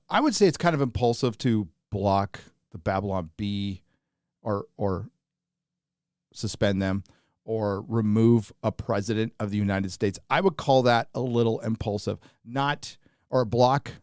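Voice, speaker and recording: Man, livestream host, tired, rambling casual chat, middle pitch, dry close sound. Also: no echo. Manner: rambling, reads viewer names aloud in bursts. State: tired, running on little sleep.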